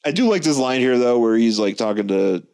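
A man's voice: mid-range voice, a little fast, vocal fry. Man riffing casually on a comic book. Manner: rambling, frequent restarts, animated retelling. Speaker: podcast co-host.

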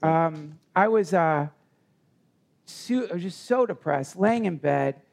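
At a live retreat session, a podcast guest with a raised, gravelly voice shares a heartfelt personal story. His telling rambles and halts, full of restarts as he circles back over what he has just said.

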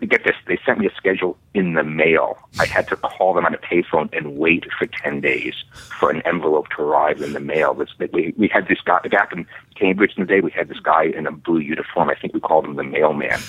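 A man in his fifties with a Boston accent, a guest calling in, talking in a halting way with many fillers and restarts. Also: very deep voice, a bit bright, breathy edge, dry recording. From Boston area. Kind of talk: casual chat. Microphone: phone. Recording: tinny phone line.

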